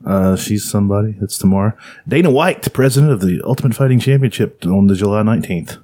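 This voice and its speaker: A man's voice: fairly low pitch, expressive, quick pace, dark tone. A man co-hosting a casual comedy podcast, reading out a list of names with sarcastic jokes in between. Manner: reads out a list with sarcastic asides.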